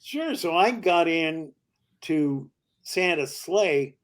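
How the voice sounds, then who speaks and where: An older male comedian as a podcast guest, telling long showbiz stories in a lively way and slipping into character voices. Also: fairly high pitch, slow pace. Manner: lively raconteur who slips into character voices. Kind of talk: anecdotal storytelling.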